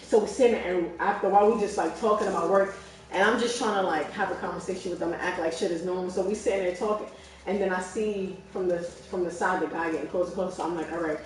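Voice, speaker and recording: A young woman tells a story in casual chat, in an animated and profane way, full of fillers. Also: fairly low pitch, fast. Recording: echoey room, far from mic.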